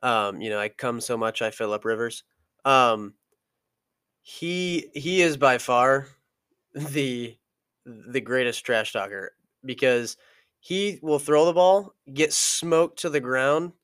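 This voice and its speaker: A man hosting a podcast, telling sports stories with animated energy. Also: mid-range voice, slow, clean tone, no echo, clean studio sound. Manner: animated storyteller, mimics players. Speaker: podcast host. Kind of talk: casual sports chat.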